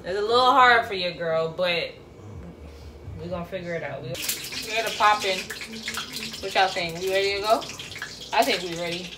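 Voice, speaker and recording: A woman's voice: lowish voice, moderate pace, long pauses, background noise. A woman hosting a cooking video, chatting casually with playful slang and joking asides. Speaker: cooking vlogger. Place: home kitchen. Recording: frying sizzle in background.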